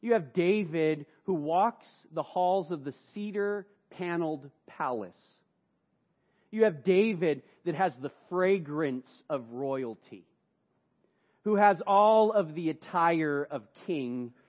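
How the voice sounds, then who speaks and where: A man delivers a sermon in a fairly high voice. He tells the story dramatically, dropping to hushed lines and then rising with force. The recording sounds dull and lo-fi. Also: animated, slow. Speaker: pastor.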